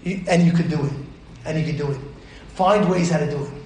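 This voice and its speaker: A man's voice: a little high, a little fast, a little mellow, slight background noise. A man, a rabbi, giving an emphatic Torah class lecture, repeating his points and putting questions to his listeners. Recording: roomy echo.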